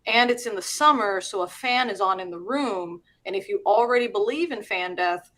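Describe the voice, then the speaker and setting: A woman's voice: mid-range voice, moderate pace, fairly bright tone. Chatty middle-aged woman host. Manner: chatty, laughs while explaining. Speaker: host and teacher. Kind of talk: casual live-stream chat.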